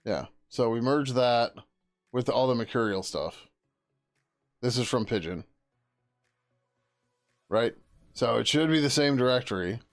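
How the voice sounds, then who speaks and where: A man thinking aloud as he works through code on a live stream, muttering to himself, trailing off and swearing casually. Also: mid-range voice. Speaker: software developer streaming his work.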